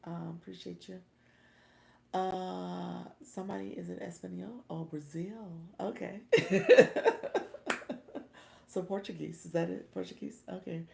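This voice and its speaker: Low, gravelly woman streaming from home. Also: fairly even intonation, moderate pace, mellow, reverberant, slight background noise. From Orlando, Florida. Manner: chatty, laughs often, calls viewers y'all. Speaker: livestream host and coach. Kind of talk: casual livestream chat.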